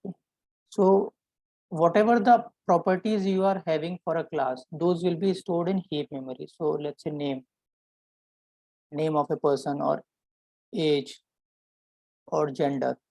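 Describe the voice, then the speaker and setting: Mellow-voiced man teaching code. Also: on the high side, steady tone, measured pace, gravelly, pauses often, dry recording, low-quality recording. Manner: explains step by step, often checks in with a "right?". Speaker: programming instructor. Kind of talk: live coding lesson.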